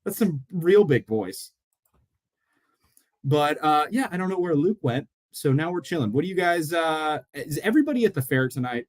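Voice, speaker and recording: A man co-hosting a casual podcast, telling stories in an animated way and acting out the voices of people he quotes. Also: fairly high pitch, moderate pace. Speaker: podcast co-host; mortgage loan officer. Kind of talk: casual chat.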